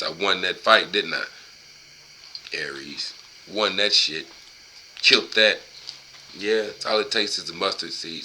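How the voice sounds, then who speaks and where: Rambling, profane man with bright voice. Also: on the low side, a little hiss or hum, poor audio. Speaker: host reading a book aloud and riffing. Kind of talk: casual monologue with book reading.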